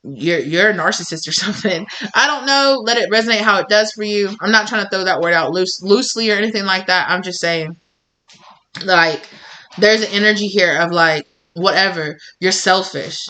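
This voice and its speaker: Bright-voiced woman doing a blunt tarot reading. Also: medium pitch, moderate pace, low-quality recording. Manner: chatty, blunt, profane, laughs often. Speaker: tarot reader.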